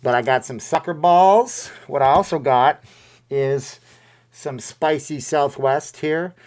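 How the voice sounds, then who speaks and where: A man's voice: a little high, slow pace, a little mellow. A man hosting a casual live stream from home, rambling and joking with viewers while talking into a desk microphone in front of a webcam. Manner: chatty, jokey, rambling asides to viewers.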